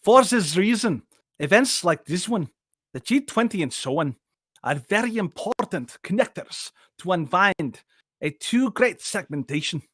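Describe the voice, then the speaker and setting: Man doing a mock German accent, economist impression, slow overemphatic delivery, slightly high voice, dry sound. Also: animated, fairly bright tone, slightly rough, dry recording, exaggerated voice.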